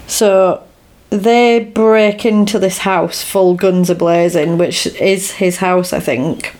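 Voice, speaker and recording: A woman's voice: lowish voice, steady tone, slow pace, darkish tone. A woman in casual chat, animatedly retelling a film scene by scene and acting out the characters' lines.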